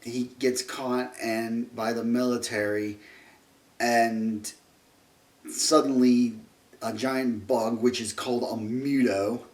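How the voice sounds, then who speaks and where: A man's voice: mid-range voice, steady tone, slow, darkish tone. Rambling, sarcastic man reviewing a film. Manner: rambling, restarts often, sarcastic. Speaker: movie reviewer. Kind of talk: ranting film review vlog. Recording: roomy echo, distant mic.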